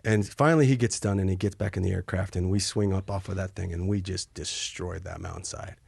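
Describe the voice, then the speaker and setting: A man with a low, husky voice tells war stories as a podcast guest. He acts out what people said, jumping to high yelps or dropping to a hush. The sound is close and dry. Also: brisk, dry recording. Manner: animated, acts out quotes with sudden high yelps and hushed asides. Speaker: podcast guest, Army helicopter pilot. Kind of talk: casual storytelling.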